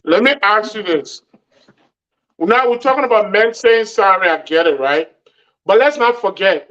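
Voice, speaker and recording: A man with a high voice comes through a dull, lo-fi line. He poses his questions animatedly and acts out the lines he quotes. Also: a bit bright. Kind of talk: radio call-in discussion.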